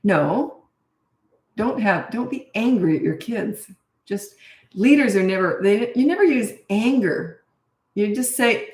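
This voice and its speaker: A middle-aged woman parenting coach answering questions in a blunt, brisk, no-nonsense way. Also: mid-range voice, animated, darkish tone. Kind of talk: casual Q&A advice. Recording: echoey room.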